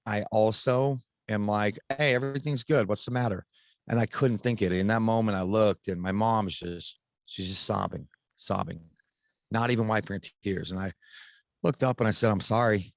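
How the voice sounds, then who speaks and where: Man, low voice, dry close sound, casual frank storytelling, podcast guest. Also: steady tone, normal speed, creaky, dry recording. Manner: casual, frank, swears freely. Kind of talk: candid personal storytelling.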